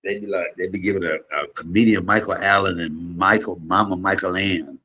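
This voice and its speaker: A man in his fifties, a comedian streaming a casual chat and telling emotional, rambling stories with sudden loud bursts. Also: low-pitched, fairly even intonation, brisk, husky. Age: 50s. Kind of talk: casual livestream chat and storytelling.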